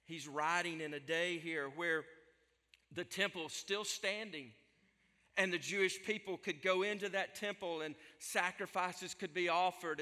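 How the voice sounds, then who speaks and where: A man's voice: sits high, bright, forceful tone, big-room sound. A man preaching a sermon as a pastor, emphatic and building phrases through repetition.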